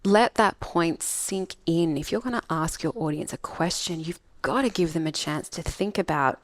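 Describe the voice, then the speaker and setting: Emphatic Australian woman coach, low voice. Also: normal speed, no echo. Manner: emphatic, acts out example voices. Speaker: public speaking coach. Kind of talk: podcast interview.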